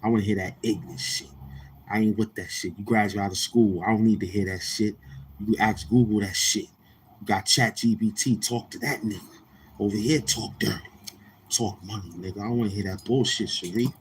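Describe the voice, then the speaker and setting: A man's voice: fairly low pitch, fairly even intonation, fairly quick, slight background noise. A man from Queens with a New York accent, hosting a casual livestream and talking to viewers in a brash, profane, confrontational way. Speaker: livestream host.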